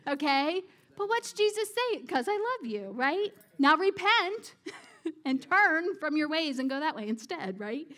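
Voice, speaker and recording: High-voiced woman preaching conversationally. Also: big pitch swings, slow pace, a bit bright. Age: adult parent. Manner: conversational, asks the audience questions; laughing at her own jokes. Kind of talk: sermon.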